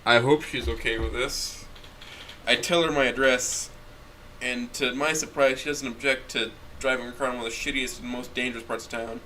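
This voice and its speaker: A man's voice: mid-range voice, fairly even intonation, normal speed, pushed and bright, slight background noise. A young man streaming, reading a story aloud in first person with blunt, profane asides. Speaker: streamer reading a visual novel.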